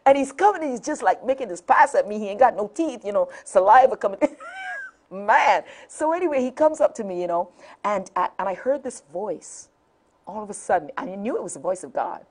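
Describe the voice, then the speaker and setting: A woman's voice: mid-range voice, brisk, breathy edge. A middle-aged woman hosting a nighttime call-in talk show, telling a funny personal story and laughing often. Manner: animated storyteller, laughs often, repeats phone numbers.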